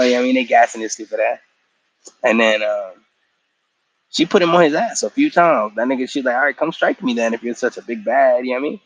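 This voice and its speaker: Man, tired, mid pitch; loose, profane recap with quick character lines thrown in. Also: fairly bright tone, slight background noise, rough recording. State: tired after a work shift. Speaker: show recap vlogger. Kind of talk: casual episode recap.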